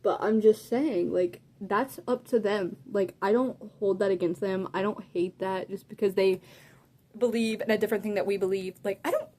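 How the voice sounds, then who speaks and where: A teenage girl telling a story in a casual rant, sassy and animated, saying "like" constantly. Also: medium pitch, moderate pace. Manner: sassy, animated, heavy use of "like". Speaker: vlogger.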